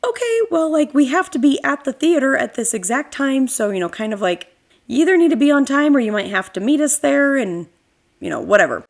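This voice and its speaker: A woman putting on a high, flustered, polite mom. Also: sing-song, gravelly, exaggerated voice. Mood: politely urgent. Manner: nervously polite, hurried. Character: polite flustered mother hurrying kids, woman.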